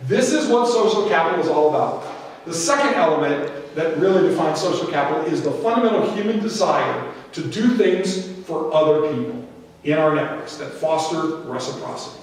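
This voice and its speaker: A middle-aged man giving a storytelling talk at a church conference, animated and fond of anecdotes. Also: fairly high pitch, a little fast. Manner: storytelling, animated, acts out quoted voices. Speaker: conference speaker. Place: large hall. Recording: echoey hall, distant mic.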